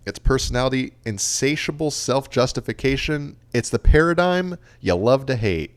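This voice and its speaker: This late-twenties podcast co-host talks casually and recites album stats and review excerpts. His mid-range voice is smooth and expressive, moving at a moderate pace with hardly any pauses.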